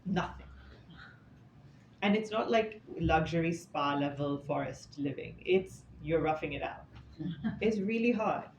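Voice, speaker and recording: A man's voice: fairly high pitch, measured pace. A man giving an informal scripture talk, telling stories in a chatty, conversational way with casual asides. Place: indoor talk room with an audience. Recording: echoey, slightly dull room recording with faint noise.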